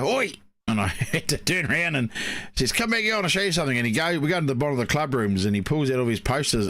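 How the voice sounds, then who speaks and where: A man's voice: medium pitch, fairly bright tone, no room sound. A man with a New Zealand accent, co-hosting a casual live stream and telling rambling stories full of fillers. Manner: rambling, chatty storytelling with many fillers. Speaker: co-host.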